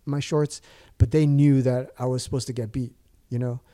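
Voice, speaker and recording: A man's voice: mid-range voice, fairly even intonation, moderate pace, warm tone. A man in his thirties casually telling a long story, rambling with lots of fillers and restarts. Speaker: guest.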